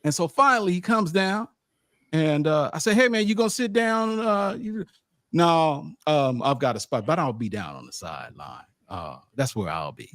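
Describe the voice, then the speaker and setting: Animated man telling a sports-trip story. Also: a little high, moderate pace, dry recording, clean studio sound. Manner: animated, stammering restarts, lively asides. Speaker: publisher recounting a game trip. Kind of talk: casual storytelling on a sports show.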